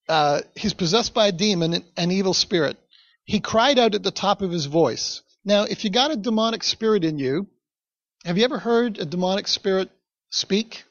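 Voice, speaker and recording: A man's voice: high-pitched, no room sound. A male pastor preaching a sermon in a conversational storytelling manner, with asides to the congregation. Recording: dull, dry recording.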